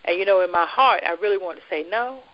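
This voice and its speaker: Speaking quickly in a mid-range voice, this U.S. woman is a guest relating her faith testimony in a lively style. She laughs a lot and acts out the dialogue she quotes, while the audio has its highs cut off.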